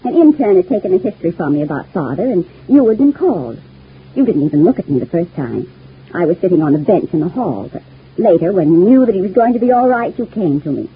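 An actress playing a clingy, lovesick young widow in a 1940s radio soap, talking in a gushing, wistful and intense way. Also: female voice, lowish voice, big pitch swings, quick pace, husky, exaggerated voice. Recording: tinny old radio broadcast.

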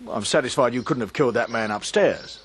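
An actor playing a calm, shrewd country police inspector, measured and dry, in a radio drama. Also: male voice, mid-range voice, slight background noise, close to an everyday voice.

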